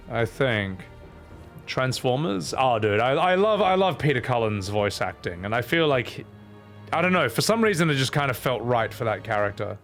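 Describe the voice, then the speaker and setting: Aussie streamer guy reading chat and rambling, average pitch, lil game music in the back. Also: big pitch swings, normal speed, a bit bright. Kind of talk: casual chat with viewers. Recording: faint game music behind. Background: faint game music.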